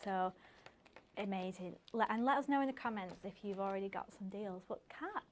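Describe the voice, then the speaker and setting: A woman presents craft deals on shopping TV from a craft studio, upbeat and gushing in enthusiastic sales talk. Her voice is medium-pitched and fairly quick.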